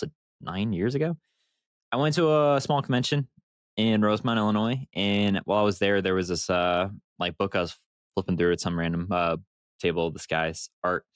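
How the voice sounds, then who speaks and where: A man's lowish voice, recorded dry and at studio quality. On the podcast he co-hosts, he chats casually and launches into long, rambling, animated stories, swearing every so often.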